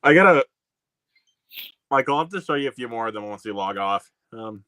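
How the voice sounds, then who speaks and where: A man's voice: mid-range voice, expressive, moderate pace, sharp tone, clear, resonant tone, dry recording. A man chatting casually on a video call, laughing often and hesitating with fillers. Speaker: host of a video call hangout. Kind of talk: casual chat.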